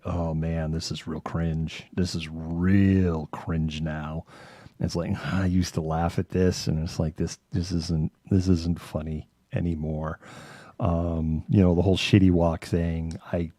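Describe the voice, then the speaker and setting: A podcast co-host chats casually on a live online show in a lowish, mellow voice recorded close and dry, with little pitch movement. He rambles, restarts sentences and swears now and then, slipping into quick character voices as he retells a story.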